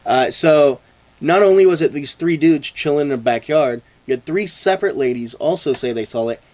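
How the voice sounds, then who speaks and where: A man's voice: a little high, normal speed, a little mellow. Jokey man co-hosting a casual podcast. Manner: jokey, playfully acts out imagined dialogue. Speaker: podcast co-host. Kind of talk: casual chat, reading from notes.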